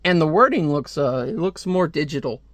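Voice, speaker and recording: A man's voice: a little high, expressive, normal speed, a bit bright, no echo. Chatty man rambling through a comic review. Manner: rambling, chatty asides with frequent fillers. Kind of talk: casual comic book review.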